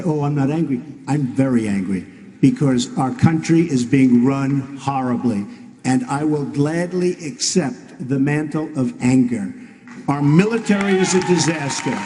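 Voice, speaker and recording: A man's voice: fairly high pitch, darkish tone, slight background noise. Blunt man in a reverberant hall. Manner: blunt, repetitive, plain-spoken. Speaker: presidential candidate. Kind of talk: debate answer. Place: large debate hall.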